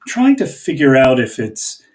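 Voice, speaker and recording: A man teaching a lesson on reading poems, explaining slowly and deliberately with some hesitations. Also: mid-range voice, wildly swooping pitch, darkish tone. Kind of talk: poetry lesson video.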